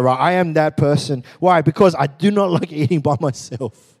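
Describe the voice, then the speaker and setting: A man in his forties preaching, lively and joking as he tells stories to his congregation. His voice sits a little high for a man. The sound carries a long reverb from a large hall. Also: normal speed. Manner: animated, joking storyteller. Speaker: pastor. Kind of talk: sermon.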